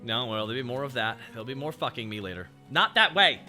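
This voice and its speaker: A man's voice: medium pitch, rapid-fire, bright, forceful tone, faint music behind. A man chatting casually and joking with profanity while he streams a game. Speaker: VTuber streamer.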